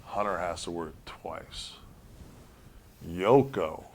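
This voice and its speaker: A man's voice: deep voice, animated, slow. A man telling stories as an interview guest, blunt and swearing freely. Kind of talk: casual storytelling interview.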